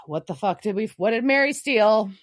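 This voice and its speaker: A woman's voice: mid-range voice, animated, measured pace. A woman co-hosting a podcast, animatedly retelling a TV episode and acting out the lines, swearing freely. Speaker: podcast co-host. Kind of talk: casual chat recapping a TV episode.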